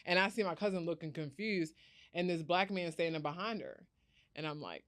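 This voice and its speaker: Woman telling a story on a podcast, does all the voices, smooth clear voice, dry close mic. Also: on the low side, moderate pace, dry recording. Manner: animated storyteller, acts out quoted voices. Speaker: podcast guest, founder. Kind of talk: candid storytelling interview.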